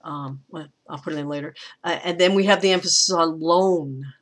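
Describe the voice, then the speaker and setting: Thoughtful woman lecturing on poetry. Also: deep voice. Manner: thoughtful, unhurried, with frequent fillers and restarts. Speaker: teacher.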